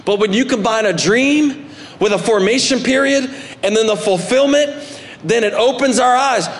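A male pastor preaching a sermon, animated, swinging between loud emphatic bursts and soft asides. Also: high-pitched, a little hiss or hum. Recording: long hall reverb.

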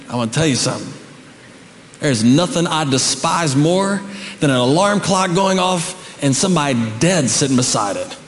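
High-voiced preaching man in echoey hall. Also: normal speed, slight background noise. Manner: animated preaching, rising to shouts, joking asides. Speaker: pastor. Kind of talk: sermon. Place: church sanctuary. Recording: echoey church hall with long reverb.

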